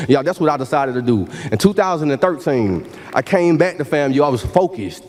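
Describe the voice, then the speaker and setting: In a big university hall, a keynote speaker gives a rousing ceremony address like a preacher, trading calls and responses with the crowd and saying "y'all" again and again. His voice is fairly high, lively, and a little mellow, and he talks briskly with few pauses.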